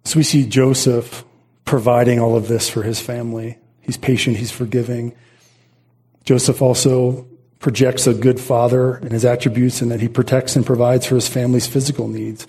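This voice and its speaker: A middle-aged man preaches with a mellow, dark tone and a slightly husky edge. He speaks earnestly and repeats his phrases for weight, often restarting mid-thought as he drives his points home. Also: mid-range voice, flat delivery, normal speed. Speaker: pastor. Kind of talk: sermon.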